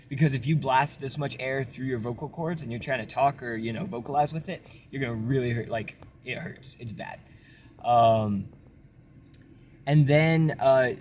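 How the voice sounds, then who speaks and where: A young man casually explaining a vocal technique in a relaxed, rambling way with lots of fillers. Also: mid-range voice, a little hiss or hum. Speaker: self-taught vocal tutorial maker.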